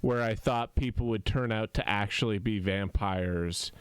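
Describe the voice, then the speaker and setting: A man telling a rambling story in a casual livestream chat, halting and full of fillers, perking up when he quotes people. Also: fairly low pitch, heavy background noise. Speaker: comedy group member on a livestream.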